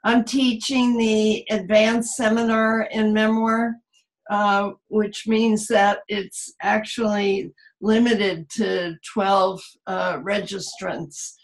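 A middle-aged woman teaching a memoir seminar over a video call from home, talking in a halting way with many fillers. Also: mid-range voice, flat delivery, poor audio. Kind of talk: online video call presentation. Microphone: computer mic on a video call.

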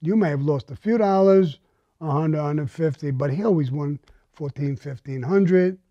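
A man's voice: fairly high pitch, normal speed, no room sound, highs cut off. A man bluntly recounting a violent crime story, swearing often and speaking with menace.

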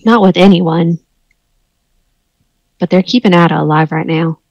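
A woman's voice: lowish voice, measured pace, a little mellow, no echo, muffled recording. A woman voicing V, a young woman who speaks in a guarded way. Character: tense young woman hiding her loyalties.

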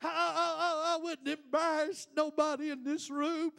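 A man's voice: very high-pitched, level tone, unhurried, gravelly, fairly bright tone. A man, a pastor delivering a fervent sermon in a church full of listeners, built on rhetorical questions. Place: church building before a congregation.

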